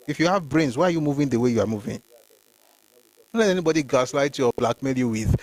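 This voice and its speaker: A man's voice: medium pitch, quick pace, a little mellow. A man hosting a history livestream, reading documents aloud and commenting emphatically, talking to viewers by name. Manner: addresses viewers by name, mixes Yoruba phrases. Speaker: host.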